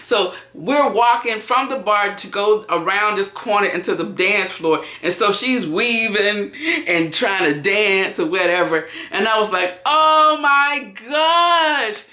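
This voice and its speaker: Woman vlogger chatting a story while wrapping presents, bright voice, roomy echo. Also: mid-range voice, a little slow. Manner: animated, acts out quotes. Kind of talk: casual storytime.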